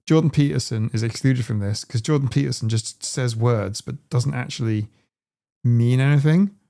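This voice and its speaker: Man, live-stream host, casual rambling chat, gravelly, dark tone. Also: medium pitch, normal speed. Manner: rambling and digressive.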